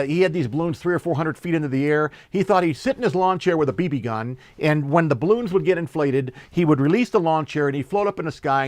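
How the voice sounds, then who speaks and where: Male pastor, animated sermon storyteller, higher-pitched voice, dry sound. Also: no room sound. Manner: animated storyteller, slows for emphasis, laughs while telling.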